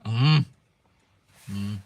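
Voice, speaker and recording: A man's voice: on the low side, very slow. A man with a Scottish accent hosting a casual livestream chat, teasing his co-host and talking straight to viewers. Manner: chatty, teasing, addresses viewers directly.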